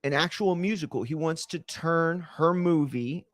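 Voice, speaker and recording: A man's voice: fairly high pitch, a little slow, no echo. A young man chatting casually through a wrestling watch-along, rambling with many fillers and casual swearing. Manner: rambling, profane, lots of fillers. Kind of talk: casual live chat.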